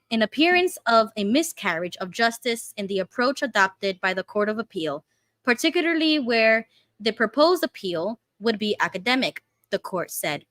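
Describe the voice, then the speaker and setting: A Canadian woman with a bright, fairly high voice, co-hosting a relaxed online news show and reading an article aloud at a careful pace. Her sound is dry and close, with no room around it. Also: no echo. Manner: reads carefully, admits she talks fast. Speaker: co-host.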